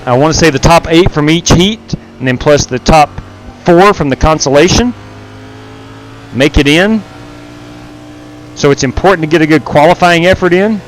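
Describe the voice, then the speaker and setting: Man, fairly high voice, casual live-stream racing chatter, talks to chat. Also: normal speed, pauses often, a little hiss or hum. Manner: chatty, greets chat viewers by name.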